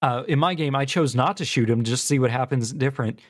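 A man's voice: mid-range voice, a little fast. An easygoing man co-hosting a casual chat, recapping plots with fillers like "like" and "um".

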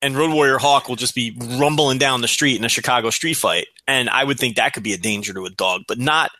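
A man co-hosts a casual podcast with a bright, sharp tone. He teases with dry, wry humor, his voice close and dry in the recording. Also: medium pitch, fairly quick, no echo. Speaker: podcast co-host. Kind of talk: casual chat.

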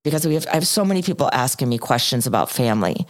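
A middle-aged woman co-hosting a podcast, her voice sitting unusually deep for a woman. She speaks earnestly and reflectively, circling back to key phrases to drive them home. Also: expressive, racing. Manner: earnest, repeats phrases for emphasis. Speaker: podcast co-host.

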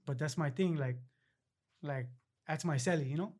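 A young man in a casual interview, telling stories about prison life in relaxed street slang and acting out the other people's lines. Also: a little high, normal speed. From Los Angeles area, California. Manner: laid-back street slang, retells scenes acting out other voices. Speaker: interview guest.

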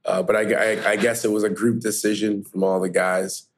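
Gravelly-voiced male podcast guest, teasing. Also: fairly low pitch, moderate pace. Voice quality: groggy gravelly voice. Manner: relaxed, teasing, slangy. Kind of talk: casual interview chat.

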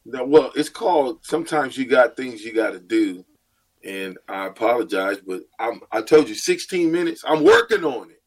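A man co-hosting a sports radio show, joking loudly and acting out stories in casual banter. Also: medium pitch, normal speed, husky. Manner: playful storyteller, loud and animated. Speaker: radio co-host.

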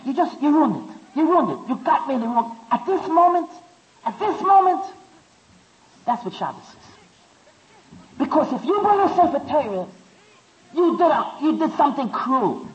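A man's voice: very high voice, big pitch swings, normal speed, pauses often. A man giving a Torah talk, stammering through restarts and rising to impassioned peaks. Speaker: speaker. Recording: dull lo-fi recording.

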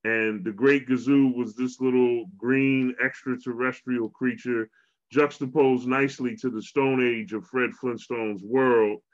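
A man co-hosting a podcast conversation, retelling a cartoon episode in a lively storytelling way and closing with an earnest message to listeners. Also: mid-range voice, a little slow. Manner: animated storyteller, preachy wrap-up. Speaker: podcast co-host. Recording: dull lo-fi sound.

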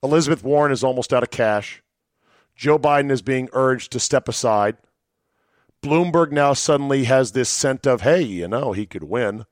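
A man's voice: medium pitch, moderate pace, dry recording, studio quality. A man hosting a solo podcast, talking in a sardonic, rambling way with chuckling asides. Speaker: podcast host.

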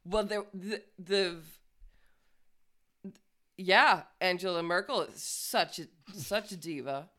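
A woman co-hosting a casual chat, teasing her partner with quick questions and frequent giggles. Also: fairly low pitch, bright, forceful tone. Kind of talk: casual banter.

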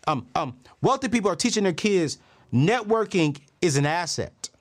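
Animated, preacher-like man in his thirties. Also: high-pitched, normal speed. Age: 30s. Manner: animated preacher-like storytelling, emphatic repeats. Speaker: podcast host. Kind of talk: motivational talk on money and faith.

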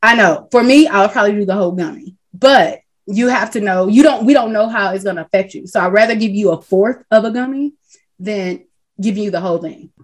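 A podcast host with a medium-pitched voice chats casually and briskly, telling stories in an animated way and laughing often.

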